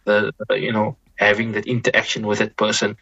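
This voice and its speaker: A man speaking as an Islamic scholar guest, giving reflective advice in a measured way, often repeating and restarting phrases and interjecting religious expressions. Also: lowish voice, monotone, vocal fry, sharp tone, highs cut off.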